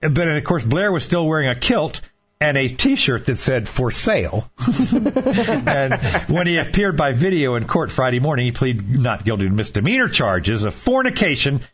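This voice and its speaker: Husky, lively podcast host. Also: male voice, mid-range voice, moderate pace. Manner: chatty, laughs through his own stories. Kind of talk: casual comedic podcast chat. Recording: dull lo-fi podcast recording.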